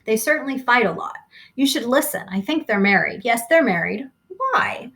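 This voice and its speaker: A woman's voice: fairly high pitch, animated, moderate pace, fairly bright tone. A woman reading aloud, voicing a distracted, vague adult housewife who hesitates and trails off.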